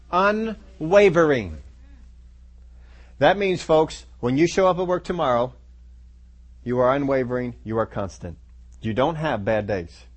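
A man preaching a sermon, speaking in emphatic, repetitive declarations to his congregation. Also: on the high side.

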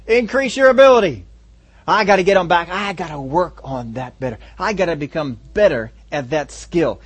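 A man preaching a sermon, animated, repeating phrases for emphasis and acting out a crowd's reactions. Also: on the high side, husky. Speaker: pastor.

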